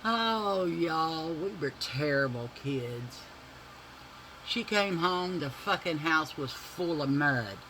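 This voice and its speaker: Slow, bright-voiced man telling stories. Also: a little high, a little hiss or hum, rough recording. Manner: animated, profane, drawling storyteller addressing viewers as y'all. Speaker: beauty vlogger. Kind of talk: casual storytelling while doing makeup.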